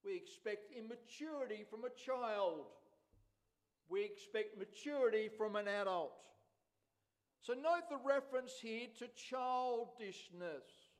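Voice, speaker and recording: Man, pastor, very high voice, unhurried emphatic sermon delivery. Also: lively intonation. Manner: slow, emphatic preaching with repeated phrases.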